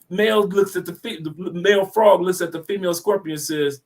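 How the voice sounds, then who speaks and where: A man co-hosting a casual discussion, animated and preachy, with slangy talk and repeated words. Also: sits high, fast talker, few pauses.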